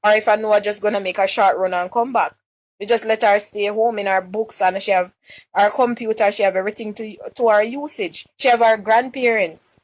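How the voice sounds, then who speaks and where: A woman with a Jamaican accent, a mother making an upset, pleading public appeal on a live stream, halting and restarting her words. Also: mid-range voice, fairly even intonation. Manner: distressed, halting, many restarts and repeated words.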